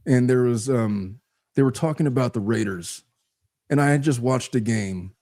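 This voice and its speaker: Blunt, wry man with a mellow voice. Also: mid-range voice, normal speed, no room sound, clean studio sound. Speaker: lawyer guest. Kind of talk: casual chat.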